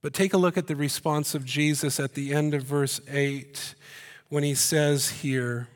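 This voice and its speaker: A man preaching with a slightly high, lively voice that climbs and gets louder whenever he drives a point home. He slips in jokey asides between verses. A long reverb trails off each phrase, the sound of a big hall. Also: unhurried. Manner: animated, jokey asides, rises in pitch and volume for emphasis. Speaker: pastor. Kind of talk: sermon. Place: church hall.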